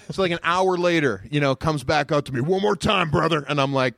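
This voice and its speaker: A man guesting on a podcast, telling animated stories in casual chat and jumping into loud put-on voices. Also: on the high side, normal speed, gravelly, dry recording, studio quality.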